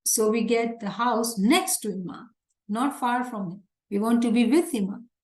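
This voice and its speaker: A woman's voice: a little high, normal speed, reverberant. A woman teaching a religious lecture in an earnest, emphatic way, often repeating her points. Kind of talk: religious lecture explaining scripture.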